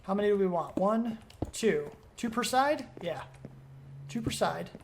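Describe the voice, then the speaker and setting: A man's voice: sits high, animated, unhurried, a little hiss or hum. A man giving let's play commentary as a gaming video creator, rambling and thinking aloud as he questions himself.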